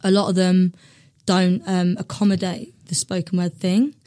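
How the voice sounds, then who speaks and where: A woman's voice: lowish voice, normal speed, no room sound, clean studio sound. A young woman, a poet and comedian guest who chats casually, swears freely and acts out the people in her stories. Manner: animated storyteller, swears freely, acts out quotes. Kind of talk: casual interview chat.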